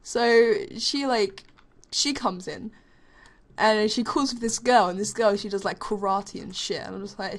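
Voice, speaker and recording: A woman's voice: medium pitch, a little slow. Rambling, swearing young woman. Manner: rambling, swears freely, full of fillers. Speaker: gaming vlogger. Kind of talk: casual storytelling over gameplay.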